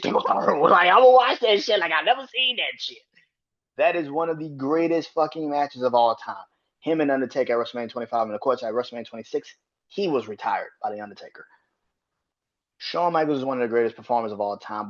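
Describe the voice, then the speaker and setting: Excitable profane man, lo-fi podcast. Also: medium pitch. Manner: excitable, profane, laughs and gets loud when worked up. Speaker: podcast host. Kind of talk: casual solo podcast monologue.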